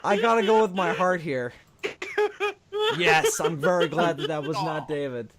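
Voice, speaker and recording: A man's voice: a little high, normal speed, over a noisy crowd. A man co-hosting a podcast, chatting casually and a bit mumbly during a card game. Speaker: podcast co-host.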